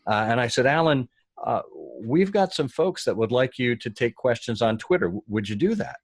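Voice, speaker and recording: A man telling a story in a casual interview, animated and acting out the voices of the people he quotes. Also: mid-range voice, normal speed, no room sound. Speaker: guest.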